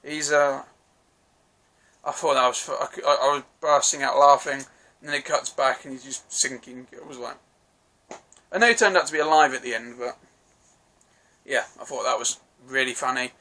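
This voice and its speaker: A man's voice: medium pitch, moderate pace, pushed and bright. A man giving a casual, rambling film review, swearing freely and restarting his sentences.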